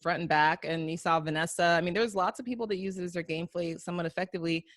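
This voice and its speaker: Low-voiced woman chatting casually. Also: steady tone, fast talker, a bit bright. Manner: chatty, many fillers and hedges. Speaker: podcast co-host. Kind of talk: casual chat.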